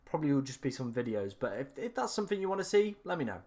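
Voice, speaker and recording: A young man with a raspy, worn-out voice, chatting to viewers on a live stream in a rambling, self-correcting way. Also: medium pitch, big pitch swings, very fast, a little mellow. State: strained, raspy voice after hours of talking. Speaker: fantasy football streamer. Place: room at home.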